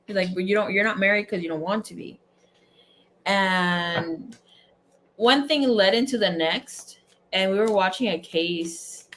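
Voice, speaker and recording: A woman hosting a casual tarot livestream, telling stories to her viewers in a chatty, animated way, laughing often and swearing freely. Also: mid-range voice, a little slow, slight background noise. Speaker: tarot reader and livestream host.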